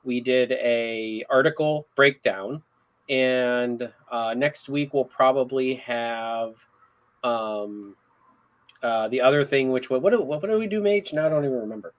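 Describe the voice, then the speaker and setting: A man co-hosting a casual online show, talking in halting bursts full of fillers and restarts. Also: mid-range voice, lo-fi sound. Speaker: co-host.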